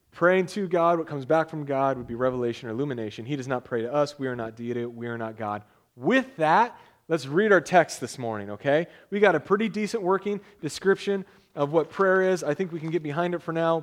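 Pastor, male, a bit higher-pitched than most men, relaxed joking sermon delivery with measured scripture reading. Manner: casual, conversational preaching with jokes; reads scripture aloud in a measured way.

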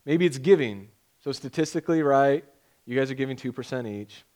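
A man's voice: medium pitch, expressive, brisk, a little mellow. A young man preaching a sermon as pastor, conversational and joking, often acting out imagined voices.

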